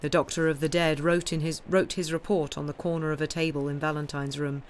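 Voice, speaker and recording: A woman streamer reading a classic novel aloud in a steady, clear narration. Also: low-pitched, fairly quick, slight background noise. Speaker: audiobook reader and streamer.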